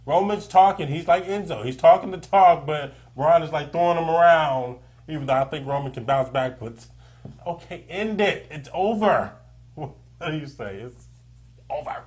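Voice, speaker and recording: Male podcast co-host, casual chat, animated, breaks into acted-out quotes. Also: a little high, normal speed. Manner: animated, acts out quoted wrestler lines.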